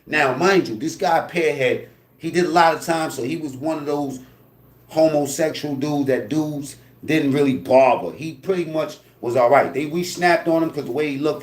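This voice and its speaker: Animated, profane man telling a prison story. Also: on the high side, roomy sound. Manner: animated, profane, acts out voices and sounds, many fillers. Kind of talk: casual storytelling of prison life.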